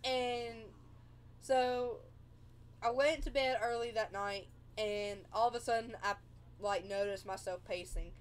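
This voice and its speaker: A woman's voice: fairly high pitch, fairly even intonation, unhurried. A woman telling a personal story on a livestream, rambling with lots of fillers and restarts.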